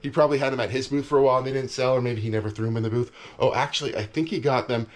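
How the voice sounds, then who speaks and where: A man's voice: medium pitch, steady tone, very fast. Chill canadian guy talking resale stuff out in his shed, kinda rambly, lots of ums. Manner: easygoing, rambling, frequent fillers. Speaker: reseller vlogger. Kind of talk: casual vlog chat. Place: cold backyard shed with heater.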